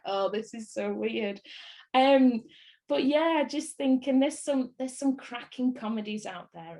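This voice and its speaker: A woman from Bolton with a Northern English accent, chatting in an interview, rambling and laughing often. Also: a little high. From Bolton, England. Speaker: actress, interviewee. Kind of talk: casual interview chat.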